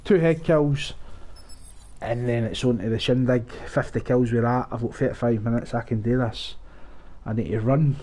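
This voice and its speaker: A man's voice: medium pitch, flat delivery, fairly quick, warm tone. A young man giving sarcastic, sweary commentary while playing a shooter at home on a headset. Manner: sweary, sarcastic, laughing often. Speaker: gaming streamer. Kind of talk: casual gameplay commentary.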